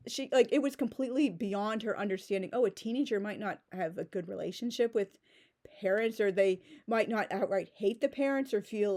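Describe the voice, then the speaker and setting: A woman's voice: medium pitch, dark tone. A woman in her forties giving a sarcastic, exasperated rant as a book reviewer. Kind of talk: ranting book critique.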